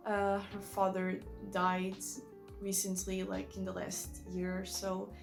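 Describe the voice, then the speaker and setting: A woman's voice: mid-range voice, monotone, takes it slowly, creaky, over music. A woman who is not a native English speaker, reviewing books in a rambling, enthusiastic way and often correcting herself. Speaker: book vlogger. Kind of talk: casual book review chat.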